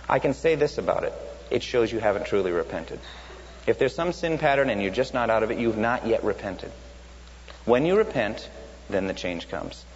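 A man preaching a sermon in an emphatic way, often asking rhetorical questions. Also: mid-range voice. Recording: dull echoey hall with faint hum.

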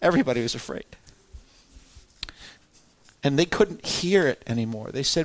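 A man of middle pitch teaches a Bible class in a relaxed, conversational manner. He reads scripture aloud with lively emphasis, then breaks off to explain it and put questions to his listeners. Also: moderate pace, pauses often.

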